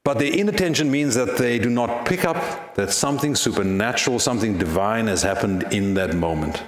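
A man's voice: fairly low pitch, lively intonation, brisk, reverberant. A male pastor giving a sermon in a church, earnest and fond of rhetorical questions.

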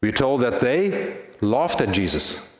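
A male pastor delivers an earnest sermon at a middle pitch, often turning to rhetorical questions. His voice echoes through the church. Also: big pitch swings, slow.

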